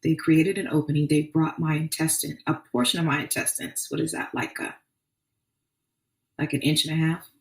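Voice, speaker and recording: A woman's voice: low voice, fairly even intonation, moderate pace. A woman hosting a podcast, telling her own story in an earnest, faith-filled way with many restarts. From Arkansas. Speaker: podcast host. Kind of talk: personal testimony podcast. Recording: echoey room, distant mic.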